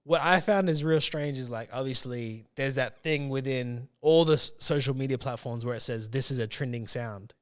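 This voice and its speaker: A man's voice: mid-range voice, normal speed, hardly any pauses, smooth. A man hosting a podcast in casual chat, rambling with many fillers and restarted sentences. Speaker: podcast host.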